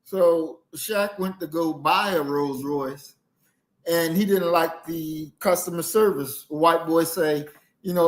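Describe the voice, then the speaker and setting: A man's voice: on the high side, slow pace. A man hosting a group discussion, critical and lecturing in tone. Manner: critical, lecturing, says "that's not" over and over. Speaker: discussion host. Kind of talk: moderating a discussion.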